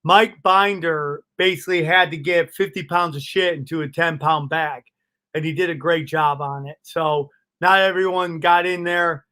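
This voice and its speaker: A male comedian telling stand-up stories in a casual interview, animated and profane, laughing at his own stories. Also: a little high, moderate pace. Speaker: comedian guest.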